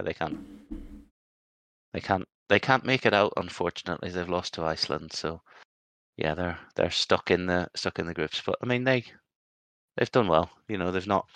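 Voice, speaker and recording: Deep-voiced male podcast co-host, rambling and reflective, dry close-miked sound. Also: a bit bright, no room sound. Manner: rambling, self-reflective, filler-heavy. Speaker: podcast co-host and competitive player. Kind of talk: casual podcast chat.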